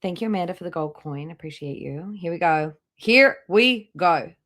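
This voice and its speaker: A woman with a slightly low voice hosts a live reaction stream. She is blunt and profane, and her mockery never lets up. She talks in an unscripted, casual way. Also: fast, darkish tone. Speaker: livestream host reacting to clips.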